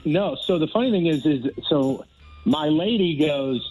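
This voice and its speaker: A man calling in to a radio show, sore after surgery, his voice sitting fairly high. He tells stories casually and pokes fun at himself. Faint music plays underneath. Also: moderate pace, darkish tone, rough recording. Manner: storytelling, quoting others, self-deprecating. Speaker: co-host recovering from surgery, on the phone.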